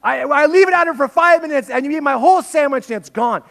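High-voiced animated preaching man. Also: fast, gravelly. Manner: animated storytelling, swinging between hushed and loud. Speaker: pastor. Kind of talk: sermon.

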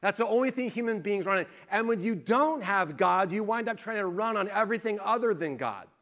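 A man's voice: high voice, lively intonation, a little fast, fairly bright tone. A male pastor giving a conversational sermon, telling stories and building to emphatic points. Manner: conversational preaching, rises into emphatic storytelling.

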